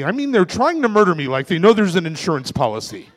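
A man in his forties doing a stand-up comedy set on a club stage, delivering self-mocking punchlines in a deadpan way. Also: high voice, brisk. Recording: reverberant club room.

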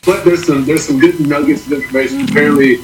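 Relaxed male podcast guest, noisy background. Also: a little high, fast. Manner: relaxed storyteller, dry humor. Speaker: guest, comic book creator. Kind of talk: casual chat.

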